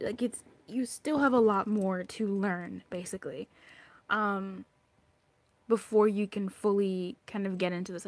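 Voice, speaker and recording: A woman's voice: mid-range voice, dry recording. A woman giving a chatty live tarot reading, bubbly and talkative, sometimes dropping into whispered asides. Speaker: tarot reader.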